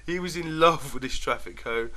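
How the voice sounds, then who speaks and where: A man's voice: fairly high pitch, moderate pace, sharp tone. A man casually telling rambling stories to camera, laughing often and trailing off mid-sentence. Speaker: vlogger. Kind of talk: casual storytelling.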